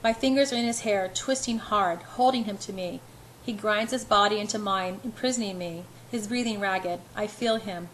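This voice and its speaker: A woman's voice: medium pitch, moderate pace, fairly bright tone, a little hiss or hum, poor audio. Woman reading a novel aloud in first person. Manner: earnest first-person storytelling, occasional stumbles. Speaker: narrator. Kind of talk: amateur audiobook reading.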